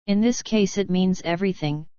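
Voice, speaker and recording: A woman reading the lines of an earnest male prince, the young prince's uncle, in an audiobook, speaking stiffly and quietly. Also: on the low side, moderate pace, clear, resonant tone, no room sound, highs cut off, close to an everyday voice. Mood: determined.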